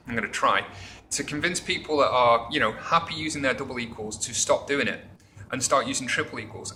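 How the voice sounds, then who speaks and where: A man gives a casual coding tutorial in a very bright, tense voice. He rambles with many fillers and reaches for everyday analogies. Faint noise sits under the recording. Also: medium pitch, low-quality recording. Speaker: programming instructor.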